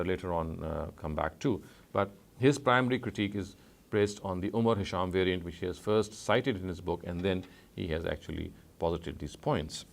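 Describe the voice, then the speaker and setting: Measured, low-voiced male lecturer. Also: gravelly. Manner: measured, frequent "uh" pauses and self-corrections. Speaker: Islamic studies lecturer. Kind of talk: scholarly lecture.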